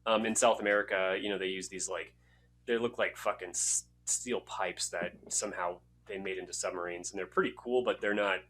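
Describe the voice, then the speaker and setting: A man's voice: low-pitched, steady tone, brisk, a bit bright. A man co-hosting a podcast, talking casually in a rambling, laid-back way, swearing and laughing. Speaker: podcast co-host.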